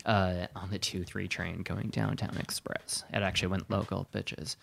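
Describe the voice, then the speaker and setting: A man from Wisconsin co-hosting a podcast, telling a story in animated fashion and laughing along. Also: low voice, moderate pace, vocal fry. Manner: animated storyteller, laughing at his own tale. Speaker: podcast co-host. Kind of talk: casual chat.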